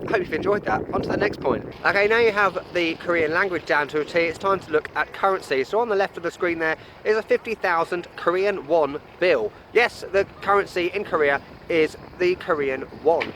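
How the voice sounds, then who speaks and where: A man's voice: high voice, a little fast, few pauses, a bit bright, a little hiss or hum. A young man presenting a cheerful travel guide vlog, explaining things patiently with a self-deprecating manner. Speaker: travel vlogger. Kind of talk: upbeat travel guide to camera.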